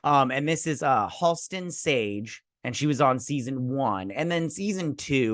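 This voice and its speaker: A man's voice: mid-range voice, lively intonation, unhurried, few pauses, a bit bright, no room sound, clean studio sound. A man hosting a casual spoken TV review, rambling with many fillers and restarts and mimicking characters' lines. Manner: acts out characters' lines in mocking voices. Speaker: TV review host.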